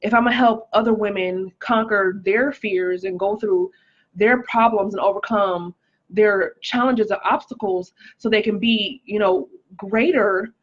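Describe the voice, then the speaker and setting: Husky woman sharing a testimony. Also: medium pitch, lo-fi sound. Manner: earnest, emotional, reads viewer comments aloud. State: pregnant, recovering from stroke. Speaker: life coach. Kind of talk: live-stream testimony.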